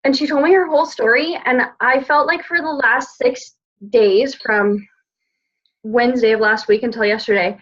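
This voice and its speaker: A woman's voice: a little high, fairly even intonation, moderate pace. A woman coach telling her team about a weekend in a heartfelt, gushing way, full of "like". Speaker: team coach on a group call. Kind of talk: emotional casual sharing. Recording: dull lo-fi call audio.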